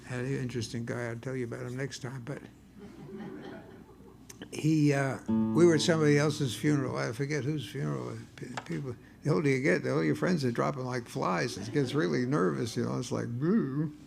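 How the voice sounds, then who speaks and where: A man's voice: mid-range voice, brisk, vocal fry, music in the background. An older man, a blues guitarist, telling wry, rambling stories on a concert stage between songs, often stumbling and restarting his words.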